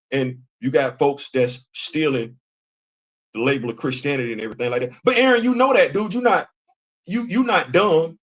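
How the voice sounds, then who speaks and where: Animated man hosting a live chat show. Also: on the high side. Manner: animated, talks back to chat, repeats himself for emphasis. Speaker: show host. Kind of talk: casual livestream commentary.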